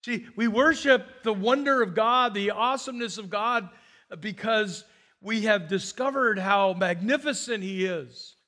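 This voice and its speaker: A man's voice: high-pitched, a little slow. A middle-aged man preaching a sermon as pastor, telling stories and acting out quoted voices with big swings. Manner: animated storyteller, acts out quotes with big swings.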